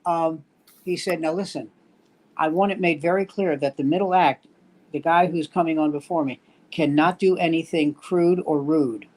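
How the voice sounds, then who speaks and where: A man's voice: on the high side, normal speed, a little mellow. Older New man telling wry stories. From New York. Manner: wry, rambling anecdotal storyteller. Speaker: veteran standup comedian guest. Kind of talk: casual storytelling chat.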